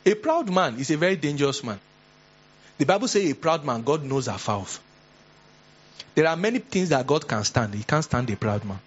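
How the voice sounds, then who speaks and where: A male pastor with a Nigerian English accent preaches an earnest, exhorting sermon and slips into animated storytelling. His voice sits a little high and sounds husky. The recording is dull and lo-fi. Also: normal speed.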